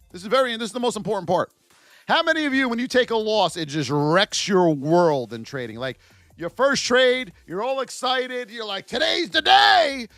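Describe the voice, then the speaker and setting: On his livestream about stock trading, a high-voiced male host offers commentary on the market and calls out chat names, animated and sing-song. The recording is dry.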